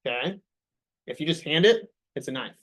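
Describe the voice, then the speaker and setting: A man's voice: fairly high pitch, lively intonation, moderate pace, fairly bright tone. A young man leading a sales staff meeting, coaching the group with upbeat questions.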